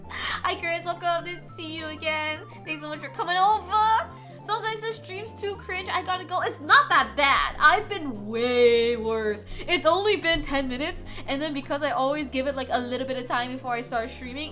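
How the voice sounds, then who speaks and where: A woman's voice: sits high, moderate pace, bright, forceful tone, faint music behind. A young woman streaming live, chatting casually and playfully with viewers, teasing, giggling and hamming up mock drama.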